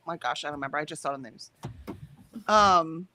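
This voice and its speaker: A woman's voice: deep voice, quick pace, pushed and bright, slight background noise. An American woman co-hosting a livestream in casual chat, reading out viewer comments and laughing often. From United States. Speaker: livestream co-host.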